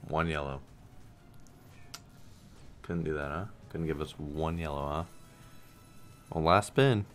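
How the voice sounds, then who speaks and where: Over faint background music, a young slots streamer speaks in a bass voice, level in tone and at a measured pace. His casual gambling commentary to the game and viewers is full of swearing, pleading and sarcasm.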